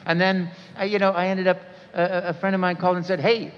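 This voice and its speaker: A man's voice: high-pitched, fast. A man in his sixties telling stories to a convention audience, acting out quotes with sudden jumps in voice. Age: 60s. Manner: animated storyteller, acts out quotes with sudden jumps in voice. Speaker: voice actor guest speaker. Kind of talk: storytelling talk to a convention audience. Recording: dull sound with long hall reverb.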